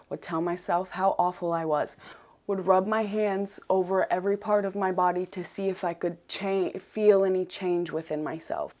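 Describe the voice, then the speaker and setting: A woman's voice: mid-range voice, a little mellow. A young woman in a confessional vlog, talking earnestly and stressing her points by repeating phrases. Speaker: vlogger.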